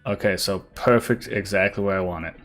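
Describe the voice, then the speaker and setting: A man's voice: low voice, fairly quick, a bit bright, soft background music. A young man streaming a card game, thinking aloud and reading card text with many fillers. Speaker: gaming streamer. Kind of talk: casual gameplay commentary.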